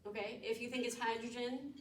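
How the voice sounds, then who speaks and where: Woman professor, lecture, fairly high voice, distant mic, roomy echo. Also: steady tone, brisk. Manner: questioning students, explaining step by step. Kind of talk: classroom lecture. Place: lecture room. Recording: echoey room mic from far off, background noise.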